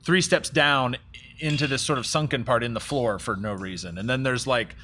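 A man's voice: medium pitch, normal speed, sharp tone, a little hiss or hum. A man who is a guest on a podcast, chatting casually in a rambling, self-deprecating way with many fillers. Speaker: guest musician. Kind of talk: casual chat.

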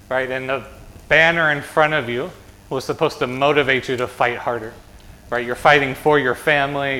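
In a church sanctuary, a man with an American accent gives a children's sermon as pastor, his mid-range voice bright and forceful. He's chatty, asks the kids questions, and tags "right?" onto his points. The recording is rough.

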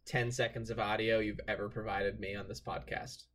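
A man's voice: fairly low pitch, flat delivery, fairly quick, fairly bright tone. A man co-hosting a podcast, giving wry, teasing commentary in a casual chat while watching wrestling. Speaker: podcast co-host.

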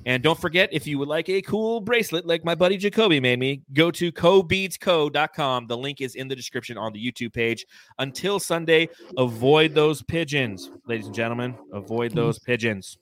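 A Californian man with a fairly high, brisk voice co-hosts a casual sports podcast, telling stories animatedly and laughing a lot.

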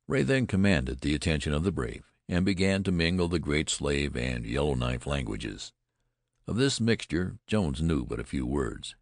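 A man narrating an adventure audiobook in a measured, dramatic storytelling manner. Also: very deep voice, very animated, creaky, dry recording, studio quality.

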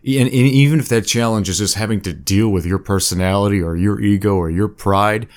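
A man's voice: fairly low pitch, fairly quick, a little mellow. A man in casual conversation, rambling and self-deprecating, often restarting his sentences. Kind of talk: casual chat.

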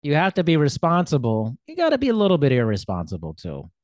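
A man's voice: on the high side, wildly swooping pitch, quick pace, a little mellow, no echo, clean studio sound. A man hosting a casual interview, rambling and self-deprecating, often laughing at his own remarks.

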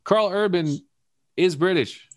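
A man's voice: high-pitched, slow, dry recording. A man co-hosting a casual podcast chat, rambling with stumbles and restarts and laughing often. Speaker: podcast co-host.

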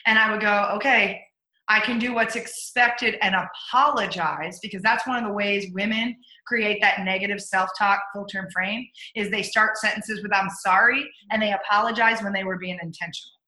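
A woman's voice: medium pitch, steady tone, brisk, few pauses, bright, forceful tone. A middle-aged woman, a leadership coach, telling stories from her career in a casual interview and acting out her own inner voice. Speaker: guest, leadership coach and speaker. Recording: echoey room.

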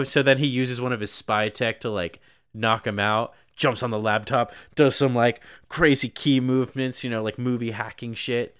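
A man's voice: medium pitch, fairly even intonation, moderate pace, fairly bright tone, clear, resonant tone, dry recording, studio quality. A young man casually recapping a movie on a podcast, rambling and peppering his talk with "like" while acting out lines. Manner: rambling, heavy use of "like", acts out quotes. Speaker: podcast co-host.

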